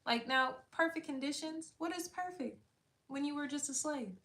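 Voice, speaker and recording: Chatty woman with a fairly high voice. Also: moderate pace, pushed and bright. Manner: chatty, loose and candid, peppered with "like" and swearing; laughs often between thoughts. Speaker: livestream host. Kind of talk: casual faith chat on a night stream.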